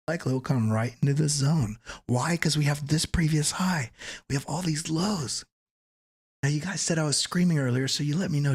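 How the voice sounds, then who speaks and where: A man hosting a live crypto trading stream, joking and energetic as he walks through charts, swearing casually now and then. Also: on the high side, normal speed, slightly rough. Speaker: crypto trading channel host.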